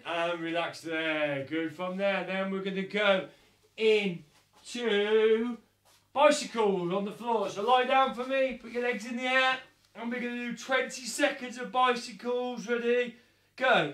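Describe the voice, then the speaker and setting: A man teaching a live online taekwondo class for young children, upbeat and encouraging, loudly calling out counts. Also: high voice, normal speed. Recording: echoey room.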